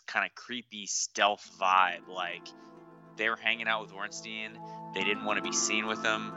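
Low, bright-toned man telling a rambling story. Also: clear, resonant tone, no room sound, poor audio. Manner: rambling, halting, lots of fillers and restarts. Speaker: podcast co-host. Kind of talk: casual podcast storytelling. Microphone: remote call setup.

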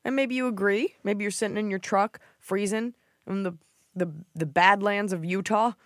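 Animated woman podcast host, dry close mic. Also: moderate pace, no room sound. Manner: animated storytelling, swears freely, mimics others in a shrill voice. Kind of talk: casual comedic chat.

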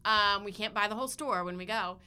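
A woman in her thirties co-hosting a podcast, chatty and rambling as she tells a story. Her voice is bright and forward, and she keeps restarting her sentences. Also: medium pitch, brisk, smooth. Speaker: podcast co-host. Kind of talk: casual chat.

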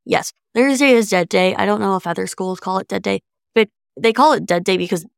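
Strongly gravelly young woman podcaster. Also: mid-range voice, fairly quick, dry recording, studio quality. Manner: chatty, self-mocking and sarcastic. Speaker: podcast co-host. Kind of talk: casual podcast chat.

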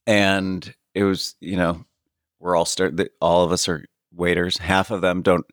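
A man's voice: low-pitched, level tone, unhurried, no echo. A man co-hosting a podcast, telling stories in a laid-back, dry way. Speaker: podcast co-host. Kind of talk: casual chat.

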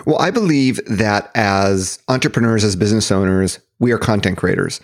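A man's voice: lowish voice, moderate pace, dry recording, clean studio sound. A man as a podcast guest, upbeat and explaining at length in a casual interview. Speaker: podcast guest, marketing educator.

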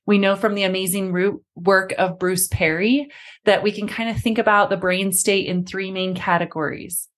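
A woman hosting a parenting podcast, speaking in a mid-pitched voice. She addresses the listener directly and calls them friend while explaining practical parenting steps. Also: fairly even intonation, moderate pace, a bit bright. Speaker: podcast host and parenting coach. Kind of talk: scripted podcast talk.

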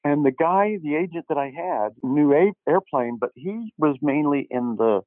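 An older man, an actor guest, telling lively anecdotes and acting out the dialogue, with many false starts. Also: on the high side, moderate pace, no room sound. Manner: animated storyteller who acts out quoted dialogue, with frequent restarts. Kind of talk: anecdotal interview storytelling. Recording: dry, tinny phone-like line.

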